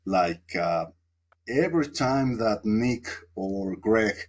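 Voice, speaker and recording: A man's voice: fairly low pitch, lively intonation, takes it slowly. A man from Mexico, a podcast guest telling a long, reflective story with lots of fillers. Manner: reflective, rambling with many fillers. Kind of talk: casual storytelling interview.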